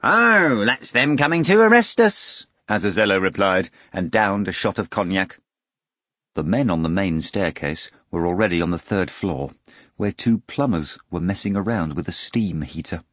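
A man reading a novel aloud as an audiobook narrator, expressive and ready to switch into character voices. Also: sits low, normal speed, no room sound, studio quality. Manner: expressive storytelling with many voices.

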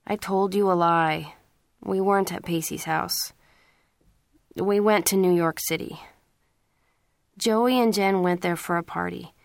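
A woman's voice: fairly low pitch, steady tone, measured pace, creaky, long pauses, no echo. A remorseful teenage boy owns up to his parents in an audiobook, read by a woman. He speaks earnestly and apologetically. The sound is dry and close. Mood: apologetic.

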